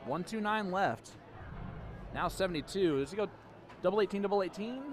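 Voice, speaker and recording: A man commentating live darts, playful and teasing, with quick, chatty banter. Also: high-pitched, slight background noise. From USA.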